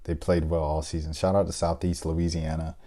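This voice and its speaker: Low, mellow-voiced man picking brackets. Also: little pitch movement, a little fast. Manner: thinks aloud, hesitant fillers, playful shout-outs. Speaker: sports video host. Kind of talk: casual bracket-picking chat.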